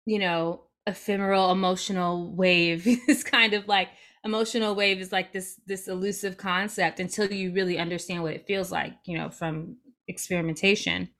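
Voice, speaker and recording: A woman's voice: on the low side, fairly even intonation, moderate pace, a bit bright. A young adult woman speaking as a guest in a casual interview, reflective and open, with light laughs as she talks.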